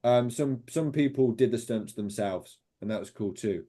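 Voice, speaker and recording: A young British man speaks as an interview guest, recounting his time as a film extra. He rambles enthusiastically, with frequent fillers and restarts, at a middle pitch. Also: normal speed, mellow. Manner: enthusiastic, rambling, lots of fillers and quoted voices. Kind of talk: casual interview storytelling.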